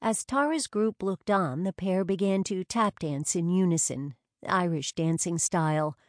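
A woman audiobook narrator reads a scripted story aloud, measured and wry in her storytelling. Her voice is on the low side, and the recording is dry with clean studio sound.

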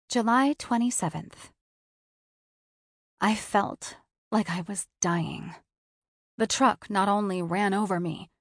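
A woman's voice: medium pitch, gravelly, no echo, studio quality. Subdued woman narrating a novel. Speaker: audiobook narrator. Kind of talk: first-person novel narration.

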